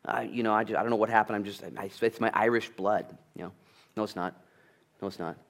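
Animated male pastor, lowish voice. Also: fast. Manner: animated storytelling, acts out family dialogue. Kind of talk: sermon.

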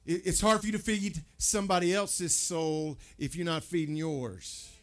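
Conversational preacher man, slightly high voice. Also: fairly even intonation, moderate pace, fairly bright tone. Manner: conversational preaching, asks the crowd questions, stammers and repeats words. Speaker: pastor. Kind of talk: sermon.

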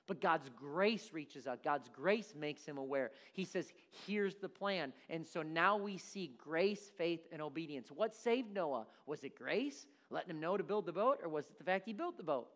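A man preaching a sermon, animated and acting out characters in his stories. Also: fairly high pitch, normal speed, few pauses. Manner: animated, acts out voices in stories.

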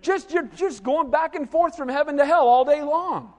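A middle-aged man preaching a sermon, telling lively stories and asking the congregation questions. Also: very high-pitched, moderate pace, big-room sound. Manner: animated storytelling with asides to the congregation. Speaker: pastor.

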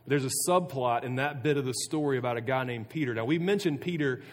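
A man's voice: mid-range voice, fast talker. Man preaching in an echoing hall. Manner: earnest, conversational, with frequent restarts and "like". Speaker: youth pastor. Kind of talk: casual youth sermon. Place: room with a student audience. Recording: long reverb of a hall.

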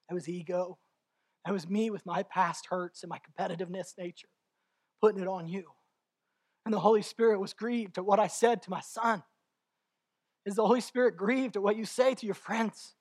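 A man preaching a sermon as pastor, candid and confessional, building at times to near-shouting passion. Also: high voice.

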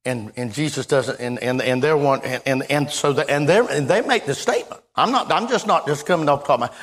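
A man preaching a sermon in a folksy, halting way, repeating himself and then breaking into sudden loud exclamations. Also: medium pitch.

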